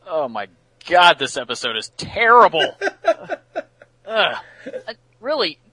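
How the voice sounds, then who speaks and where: A man's voice: high-pitched, wildly swooping pitch, slow pace, bright, forceful tone. A man co-hosting a podcast, giving an exasperated, opinionated critique of an episode. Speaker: podcast co-host. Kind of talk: casual chat, critique.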